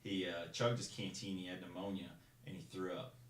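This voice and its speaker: A young man tells his stories in a loose, rambling way, restarting his sentences as he goes. He talks quickly in a lowish voice. The room around him is noticeably echoey. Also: little pitch movement. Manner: rambling, with restarts and acted-out shouted quotes. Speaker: guest. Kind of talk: casual storytelling.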